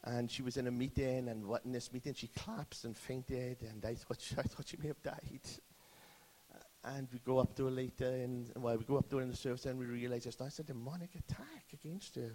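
A man's voice: medium pitch, a little fast, warm tone. A British man, a pastor, preaching a sermon as vivid first-person storytelling. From Britain. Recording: long hall reverb.

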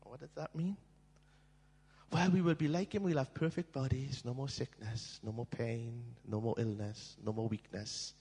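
A man preaching a storytelling sermon in a church, dramatic and swinging from hushed tones to shouting. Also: mid-range voice, steady tone, moderate pace, husky. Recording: long hall reverb.

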